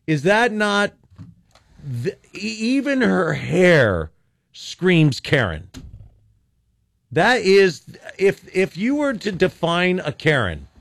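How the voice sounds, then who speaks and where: A man's voice: high-pitched, huge pitch swings, takes it slowly, vocal fry, long pauses, a bit bright, dry recording. An older man, a talk radio host, ranting sarcastically and rambling with frequent restarts.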